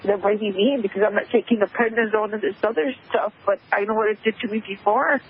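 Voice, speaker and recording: A woman calling into a radio talk show, emotional and tearful, speaking haltingly over a muffled phone line. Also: medium pitch, fairly even intonation, slight background noise. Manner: halting, hesitant speech. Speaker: caller. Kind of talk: call-in radio conversation.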